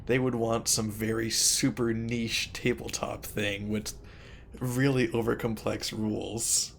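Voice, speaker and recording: A man's voice: lowish voice, level tone, takes it slowly, gravelly, a little hiss or hum. A man playing a video game, casually thinking aloud and reading in-game text to a friend. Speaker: game streamer. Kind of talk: casual gameplay chat.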